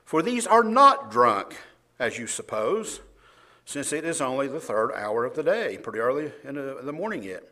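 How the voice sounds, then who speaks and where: A man's voice: medium pitch, brisk. A man preaching a sermon, reading scripture aloud with emphasis and chuckling often. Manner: animated, laughs often, reads verses louder.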